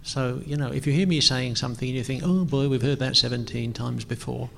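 A middle-aged male pastor gives a relaxed sermon, hesitating often with ums and gently poking fun at himself. His voice sits at an ordinary pitch with a gravelly edge. A long reverb trails off the walls of the church hall. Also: fairly quick, a little hiss or hum. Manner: hesitant, self-deprecating, frequent ums. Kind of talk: conversational sermon.

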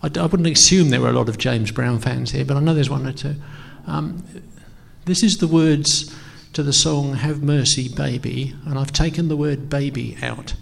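Gravelly-voiced pastor in an echoing hall. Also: male voice, medium pitch, moderate pace. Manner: hesitant, self-deprecating, frequent ums. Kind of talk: conversational sermon. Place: church. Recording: long reverb of a church hall.

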